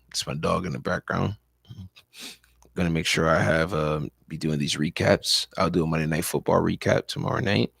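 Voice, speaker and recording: A man's voice: deep voice, gravelly, slightly rough, no echo. A tired man hosting a casual live-stream sports talk show, rambling loosely and leaning on "you know" as he repeats his points. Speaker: sports talk livestream host and high school coach. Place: at home, dog in background.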